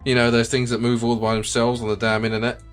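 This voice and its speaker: A man's voice: mid-range voice, monotone, fast talker, faint music behind, close to an everyday voice. A man reading the lines of a bitter, self-pitying, middle-aged widowed farmer in a video game, resentful and defensive in tone. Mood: aggrieved. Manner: resentful, defensive, plain-spoken.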